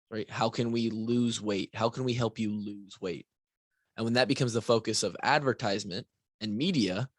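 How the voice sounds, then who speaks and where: Lowish guy chatting solo on his fitness podcast, rambly, dry close mic. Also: no echo. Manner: rambling, restarts and asides, frequent "right?". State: tired, yawning. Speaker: podcast host and fitness coach. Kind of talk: casual solo podcast talk.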